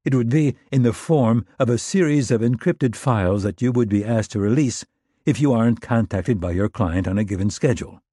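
A man reading a smooth-talking former Marine now in management, keeping things polite and disarming with a touch of nerves. The voice sits a little higher than his narration, still husky and close in a dry, dead recording. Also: brisk, mellow, no room sound, lightly acted. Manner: disarming, polite, a bit nervous.

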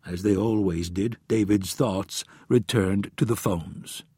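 A man reading a novel aloud as narrator, with steady, even storytelling. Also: fairly low pitch, moderate pace, hardly any pauses, breathy edge, no room sound, clean studio sound. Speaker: audiobook narrator. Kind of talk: scripted narration.

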